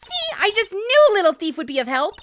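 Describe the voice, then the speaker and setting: Give me a woman playing an excited young girl sidekick from a video game, high-pitched and bouncy. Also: a little fast, slight background noise, full character voice. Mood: eager. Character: perky young girl thief, eager and cheerful.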